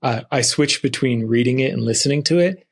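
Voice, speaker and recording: A man hosting a podcast, asking curious, relaxed questions with easygoing fillers. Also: medium pitch, brisk. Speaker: podcast host. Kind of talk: casual interview.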